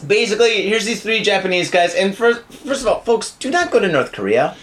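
A man's voice: sits high, sing-song, a little fast, a bit bright. A man co-hosting a comedy podcast, chatting casually, swearing a lot and rambling through jokes. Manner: profane, rambling, acts out bits in silly voices. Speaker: podcast co-host.

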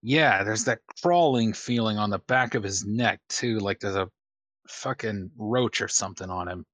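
A man narrating as game master of a tabletop game, unhurried, with many fillers and casual swearing. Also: lowish voice, a bit bright, no echo.

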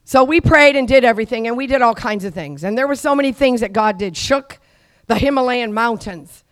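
A middle-aged woman preaches with a high, ringing voice, urging her listeners to repeat her words. She swings from quiet asides to fervent shouting. The sound is close and dry. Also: animated, fairly quick, dry recording. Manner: exhorting, call-and-response with the audience, rising to shouts. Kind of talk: charismatic sermon.

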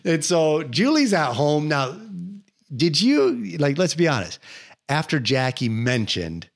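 A young man hosting a podcast, telling a personal story casually, with laughs and lively retold quotes. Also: a little high, slow, gravelly. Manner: animated retelling with laughs and acted-out quotes. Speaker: podcast host.

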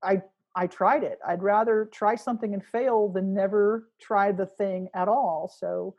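Husky lady musician just chatting, lots of restarts, kinda rambly. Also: mid-range voice, fairly even intonation, unhurried, a little mellow, highs cut off. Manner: rambling, many restarts, thinking aloud. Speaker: musician guest. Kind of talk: casual interview talk.

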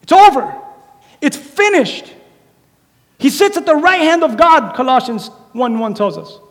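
Guy pastor preaching, super high voice for a man, acts out quotes, big church echo. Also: a little slow. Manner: animated, conversational preaching with acted-out quotes. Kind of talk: sermon. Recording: echoey hall reverb.

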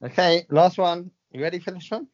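A man co-hosting a comic chat, joking and putting on deep, slow voices of dead celebrities. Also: lo-fi sound. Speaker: podcast co-host. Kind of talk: comic chat, doing séance impressions.

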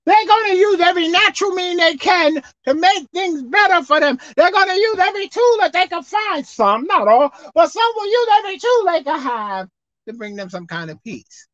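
A woman preacher giving a televised sermon, animated and swinging between loud exclaiming and low murmuring. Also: normal speed, dry recording, muffled recording.

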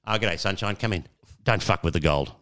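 A man with an Australian accent voicing his former male station boss, gruff and blunt. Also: low-pitched, a little fast, fairly bright tone. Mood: dry.

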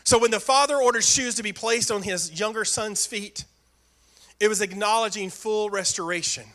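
A male pastor delivering a sermon with earnest emphasis and repeated phrases. His voice sits high and comes across bright and forceful. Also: moderate pace.

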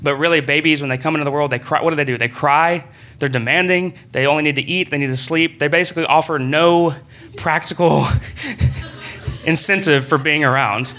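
A young man preaching a sermon in a church room, earnest and conversational, breaking into excited bursts. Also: fairly high pitch, brisk.

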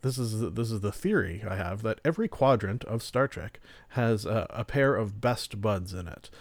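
A man's voice: on the low side, lively intonation, moderate pace, no room sound. A man hosting a solo podcast, reviewing films and shows in a casual, rambling way, often restarting and chuckling. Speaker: podcast host.

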